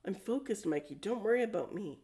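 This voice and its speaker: A woman's voice: medium pitch, animated, fairly quick, dark tone, natural voice. A woman reading a young female dwarf, nervous and eager. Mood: reassuring.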